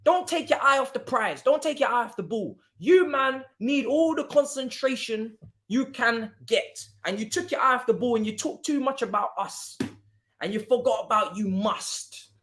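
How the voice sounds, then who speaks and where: A young man hosting a football watchalong live stream, mocking a rival club in casual banter that jumps between low mutters and loud outbursts. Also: expressive, normal speed. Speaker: livestream football watchalong host.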